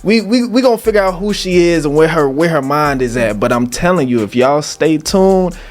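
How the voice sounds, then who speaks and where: A man's voice: fairly high pitch, lively intonation, a little fast. Laid-back man hosting an interview. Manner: frequent affirming "right", laid-back. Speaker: podcast host. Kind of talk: casual interview.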